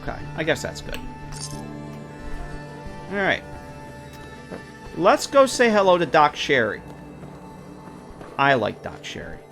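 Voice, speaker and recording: A man's voice: fairly high pitch, wildly swooping pitch, slow pace, gravelly, pauses often, fairly bright tone, soft background music. A man giving casual, joking commentary while streaming a game, often stumbling over his words.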